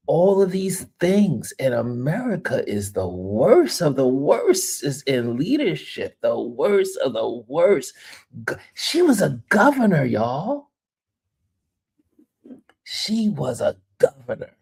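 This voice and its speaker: In this casual live chat, a man runs a livestream where he talks loosely, reads out what viewers type, and laughs a lot. His voice is medium in pitch and slightly rough. His manner is animated and upbeat.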